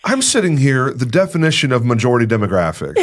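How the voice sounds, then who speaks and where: A man hosting a podcast in a studio, joking and teasing in quick banter. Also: medium pitch, big pitch swings, noisy background. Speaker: podcast host. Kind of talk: casual chat.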